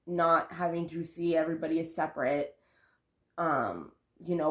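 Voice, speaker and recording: A woman with a low-pitched voice talks casually to her vlog camera about spiritual growth, and the sound is reverberant. She rambles and corrects herself, sighing and laughing as she goes.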